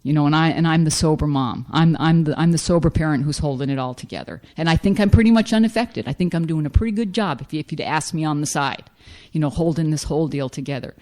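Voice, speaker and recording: A woman's voice: low-pitched, fast, warm tone. Blunt middle-aged woman sharing her story. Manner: frank, blunt and self-mocking. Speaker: speaker sharing at a recovery meeting. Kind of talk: personal recovery testimony.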